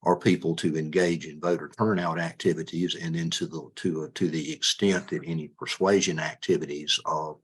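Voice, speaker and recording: A man, a judicial candidate, answering interview questions in a measured way, often stumbling and repeating words. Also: very deep voice, steady tone, slightly rough.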